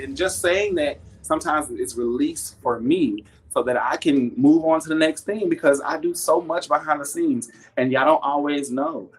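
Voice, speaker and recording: A man hosting a live stream to sell jewelry, chatting casually with viewers in a folksy, preachy, encouraging way and reading out their comments. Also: on the high side. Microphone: webcam or phone on a live stream.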